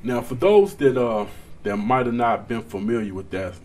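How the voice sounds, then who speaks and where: A man's voice: mid-range voice, lively intonation, moderate pace, darkish tone, slight background noise. A man hosting casual boxing commentary, talking straight to his viewers with emphasis.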